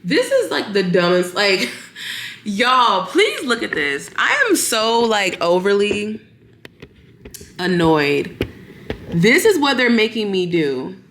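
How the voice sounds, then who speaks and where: A woman's voice: mid-range voice, sing-song, slow pace, a bit bright, slight background noise. A young woman vlogger chatting casually to camera from her bedroom, exasperated and ranting to her viewers. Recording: roomy echo.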